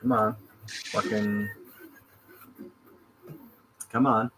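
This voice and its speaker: A man's voice: on the low side, little pitch movement, very slow, background noise. An American man co-hosting a casual chat show from his home, rambling easygoing talk with many fillers. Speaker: podcast co-host. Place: home room with 3D printers.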